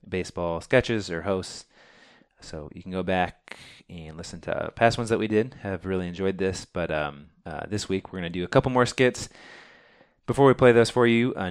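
A man's voice: sits low, clean tone. A man hosting a baseball podcast, chatting casually and rambling with many fillers. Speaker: podcast host. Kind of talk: casual chat.

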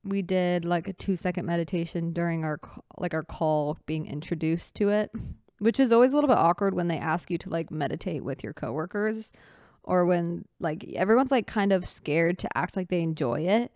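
A woman hosts her own podcast in an easy, candid chat, rambling and correcting herself as she goes. Her voice is smooth and clear, recorded close and dry with no room sound. She sits back on a couch, talking in a relaxed way. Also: fairly low pitch, normal speed, no echo. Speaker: podcast host. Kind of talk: casual solo podcast chat. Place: indoors on a couch at night.

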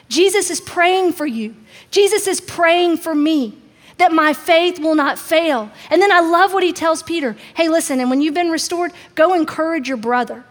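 A woman preaching a sermon in a conversational way, acting out the quotes she tells. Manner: conversational, acts out quotes with shifting pitch. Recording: long reverb of a large hall.

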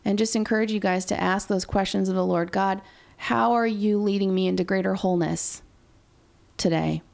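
A woman's voice: medium pitch, fairly even intonation, normal speed, creaky, a little mellow. A woman hosting a faith podcast, encouraging listeners directly in a casual conversational way. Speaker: podcast host.

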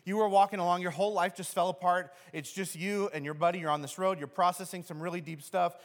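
A man preaching a sermon as pastor, telling the story in an animated way and acting out the scenes. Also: high voice, fast. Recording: long hall reverb.

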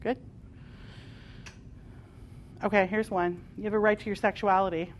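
A woman leading a live spiritual workshop, passionate and emphatic, swinging between loud declarations and quieter asides. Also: medium pitch, steady tone, moderate pace, a little hiss or hum. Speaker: workshop leader. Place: workshop room with a live audience.

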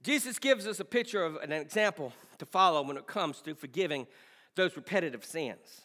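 A man preaching a sermon with impassioned delivery that swings between shouting and hushed pleading. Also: on the high side, animated, fairly quick, long reverb tail.

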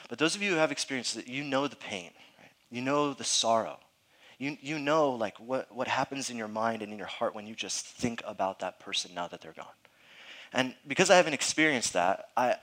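Bright-voiced earnest male pastor preaching. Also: on the low side. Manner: earnest, emphatic, often checks in with listeners; informal, frequent fillers and restarts. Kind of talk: conversational sermon.

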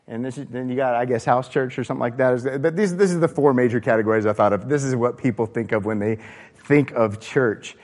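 A man gives a loose, conversational sermon, full of restarts and asides to the congregation. His voice sits at an ordinary middle pitch for a man. It carries a long reverb from a church hall. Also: fairly quick, darkish tone. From American South. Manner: informal, asks the congregation questions, frequent fillers and restarts. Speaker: preacher. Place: church sanctuary.

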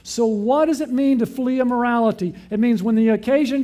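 A man preaching with a high, mellow voice. He keeps asking his listeners questions and then answers them himself, in a sermon style. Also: a little fast.

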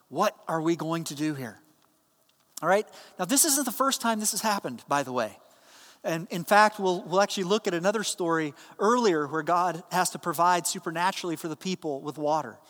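A man giving a sermon as a pastor, telling a story in a plain, conversational way and dropping his voice low and soft when he voices the people in it. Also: big-room sound.

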